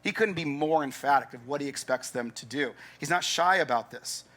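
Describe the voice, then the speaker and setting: A man's voice: fairly high pitch, a little fast. A man preaching a sermon as pastor, emphatic and conversational, acting out his listeners' doubts. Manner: animated, acts out doubting listeners' thoughts.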